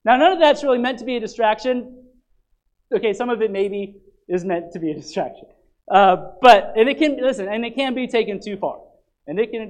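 High-voiced man preaching a lively sermon. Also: rough recording. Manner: animated, emphatic preaching with frequent restarts. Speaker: pastor. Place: church.

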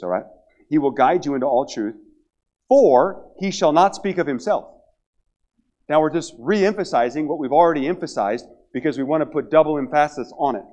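A middle-aged man preaching at a church revival service, animated, acting out little quotes and calling out to the congregation. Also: mid-range voice. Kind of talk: revival sermon.

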